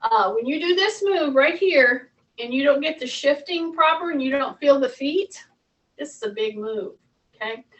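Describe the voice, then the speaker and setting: A woman's voice: high-pitched, animated, moderate pace, recorded from a distance, low-quality recording. A woman fitness instructor talking viewers through a workout, chatty and coaching, repeating her cues.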